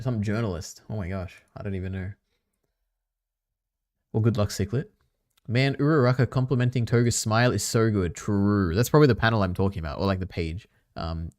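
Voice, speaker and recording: Rambling low-voiced man streaming. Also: a little mellow, no echo, studio quality. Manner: rambling, many fillers, chatty asides to chat. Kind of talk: casual live-stream chat and reaction.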